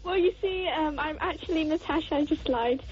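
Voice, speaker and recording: A young woman phoning in to a radio show, giggly and cheeky, with hesitant, halting talk. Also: sits high, a little mellow. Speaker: caller. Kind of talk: phone-in chat. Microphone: phone line. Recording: muffled radio phone-in.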